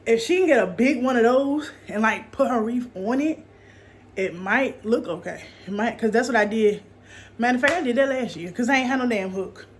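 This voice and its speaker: A woman's voice: a little high, expressive, moderate pace, a little hiss or hum. Chatty woman vlogging at home. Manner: chatty, talks to viewers as "y'all", curses casually. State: out of breath. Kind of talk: casual chat to camera.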